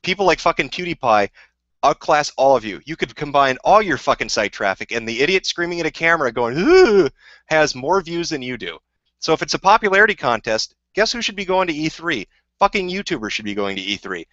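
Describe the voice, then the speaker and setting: A man's voice: on the high side, sing-song, a little fast, sharp tone, dry recording, muffled recording. A man hosting a livestream, ranting heatedly and swearing constantly while answering chat questions. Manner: profane, combative, heated. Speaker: livestream host.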